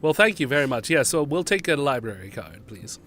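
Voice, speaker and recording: A man at a middle pitch plays a tabletop game in a laid-back, chuckling way. He thinks aloud about what his character does next. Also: sing-song, a little fast, fairly bright tone, faint music behind. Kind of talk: casual tabletop game play.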